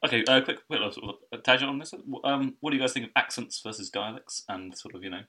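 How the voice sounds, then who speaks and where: A man hosting a podcast, chatting casually and telling stories in a quick, animated way with laughs. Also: medium pitch. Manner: rapid, animated storytelling with laughs. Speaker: podcast host. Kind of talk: casual chat. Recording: distant from the mic.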